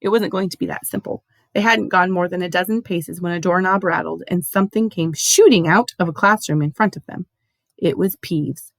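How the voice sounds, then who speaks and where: A woman giving an expressive, animated storybook reading. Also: fairly low pitch, brisk, no room sound. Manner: animated, lively. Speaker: audiobook reader.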